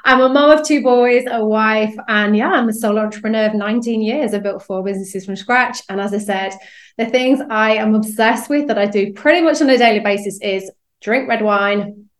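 Bubbly English businesswoman guest, higher voice, roomy remote mic. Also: moderate pace. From England. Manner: bubbly, laughs often. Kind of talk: casual chat.

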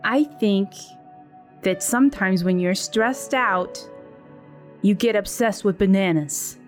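A dopey, bewildered chipmunk sidekick, as a woman plays him protests in a flustered, mid-pitched voice. Faint music runs underneath. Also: slow, lightly acted. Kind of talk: improv comedy scene.

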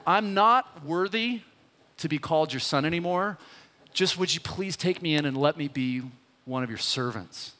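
A man's voice: fairly high pitch, lively intonation, moderate pace, sharp tone, voice pushed up. A man voicing a repentant young son who begs his father to take him back, speaking in a pleading, contrite way. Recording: long hall reverb.

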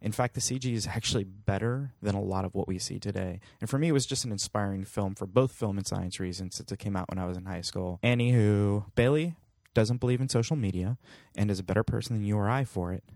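A man's voice: on the low side, quick pace, vocal fry, a little mellow, dry recording, studio quality. A man in his thirties hosting a podcast, talking casually with jokey, self-deprecating asides. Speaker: podcast host.

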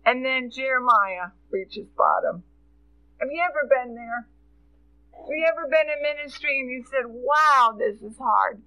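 A woman's voice: sits high, measured pace, sharp tone, no echo, poor audio. A middle-aged woman preaching a sermon, telling stories and quoting scripture with earnest feeling.

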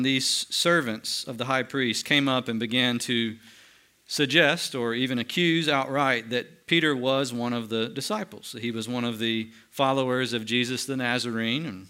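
A man preaching a sermon, moving between lively emphasis and hushed, slow solemn passages. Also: mid-range voice, clear, resonant tone. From United States. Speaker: pastor.

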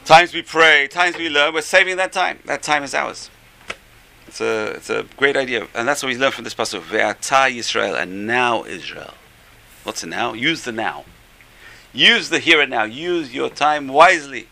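A middle-aged or older man, a rabbi teaching a class, tells stories in an animated way with many rhetorical questions. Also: medium pitch, moderate pace, creaky. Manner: animated, rhetorical questions, stretches key phrases. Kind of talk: Torah class storytelling.

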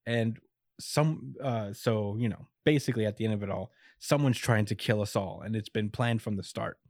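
A man's voice: on the low side, normal speed, darkish tone, dry recording. A man in casual chat recapping an anime episode, laid-back and chuckly, with lots of fillers.

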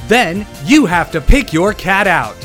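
A man's voice: high voice, lively intonation, a little slow, a bit bright, faint music behind, pitched above the performer's own voice. A man voicing a brash male game show announcer in a mock ad. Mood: hyped. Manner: hyped announcer delivery.

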